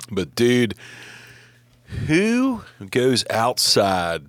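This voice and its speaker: A man's voice: medium pitch, wildly swooping pitch, extremely slow, a bit bright, dry recording. A man co-hosting a podcast, telling stories in casual chat, swearing and laughing a lot. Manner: profane, laughing storyteller. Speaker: podcast co-host.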